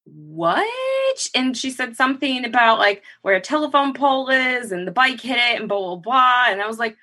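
An animated woman co-hosts a podcast from a video call, telling a story loosely and laughing often. Her voice is bright and forward, with a husky grain. She swings up into high voices now and then. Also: fairly quick. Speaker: podcast co-host. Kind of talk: casual storytelling chat.

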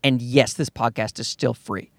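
A man hosting a podcast in a casual, rambling monologue, sarcastic and quick to swear. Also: mid-range voice, fairly even intonation, no room sound. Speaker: podcast host.

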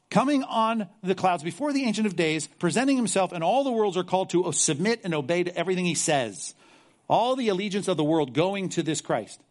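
A male pastor preaching a sermon, animated and sarcastic, mocking apologetic voices as he makes his point. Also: sits high.

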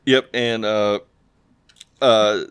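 A man with a lowish voice chats casually on a podcast, walking through a TV episode scene by scene. He slips into the characters' lines as he retells them. The sound is dry and close. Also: fairly even intonation, very slow, fairly bright tone, clear, resonant tone, dry recording. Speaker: podcast co-host recapping a TV episode. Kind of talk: casual chat.

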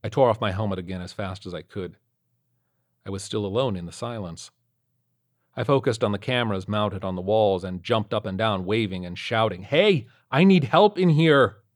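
A man tells a scary first-person tale in a low voice, letting the tension build line by line. His delivery stays steady and storyteller-like, pulling the listener toward each discovery. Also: a little fast. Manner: tense, building suspense. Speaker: narrator.

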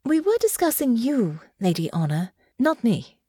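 A woman's voice: a little high, very animated, moderate pace, dark tone, slightly rough, dry recording, clean studio sound, voice pushed up. A woman voicing a cold, calculating young noblewoman who speaks in a detached, matter-of-fact way.

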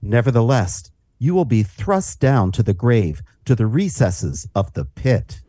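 A man's voice: mid-range voice, sing-song, measured pace, warm tone, no room sound, studio quality. Solemn man reading scripture dramatically. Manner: solemn, declaiming. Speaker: scripture reader.

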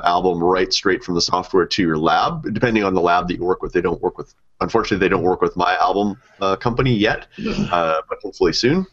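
A man's voice: low voice, fairly bright tone, slightly rough. A man hosting a podcast in an upbeat, chatty way with plenty of fillers. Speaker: podcast host. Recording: dull lo-fi audio.

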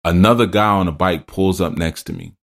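Deep-voiced man telling a rambling story. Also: brisk, creaky. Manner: loose storytelling, laughs at himself. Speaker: podcast host and spiritual teacher. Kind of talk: rambling teaching talk with personal stories.

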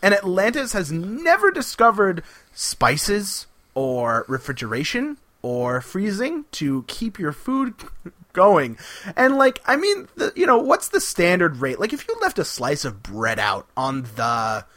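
Lively, bright-voiced man on a podcast. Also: sits high, measured pace. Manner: animated, laughing, acting out quotes. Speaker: podcast co-host. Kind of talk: casual podcast chat.

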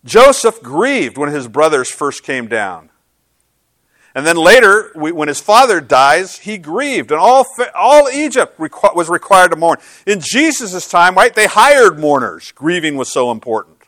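A man's voice: a little high, big pitch swings, a little slow, fairly bright tone, no echo. A middle-aged male pastor giving a sermon, with conversational, self-deprecating storytelling and frequent restarts.

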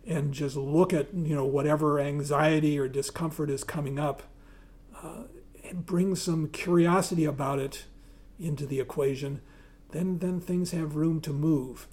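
A man giving a talk, partly reading aloud and partly speaking freely with hesitations, and often clearing his throat. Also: fairly high pitch, fairly even intonation, unhurried, dark tone. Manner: reads aloud, then speaks with hesitations and fillers.

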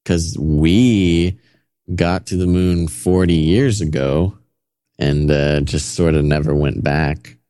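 Deep-voiced sarcastic man, dry close mic. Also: steady tone, slow, mellow, clean tone, no echo. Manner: sarcastic, laughing, wry. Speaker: podcast co-host. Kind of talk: casual conspiracy-theory chat.

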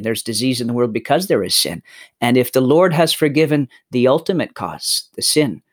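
A man's voice: on the low side, no echo. Chatty man, dry close sound. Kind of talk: conversational Bible discussion.

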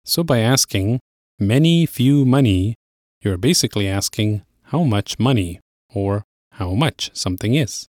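Male lesson host, low-ish voice, dry studio read, patient and clear. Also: no echo. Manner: clear, steady explaining, slows on key phrases. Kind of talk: language lesson presenting.

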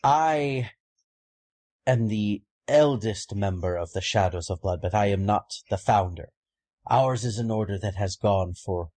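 A man voicing an elderly raven-folk woman who leads an old order, speaking slowly and formally. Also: a little mellow, no echo. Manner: high, drawn-out, deliberate speech.

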